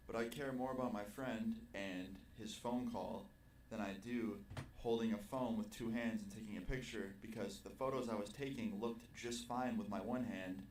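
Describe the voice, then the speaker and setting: A young man telling a personal party story in a casual, animated, profane storytime vlog. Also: fairly low pitch. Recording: roomy, distant video playback with faint noise.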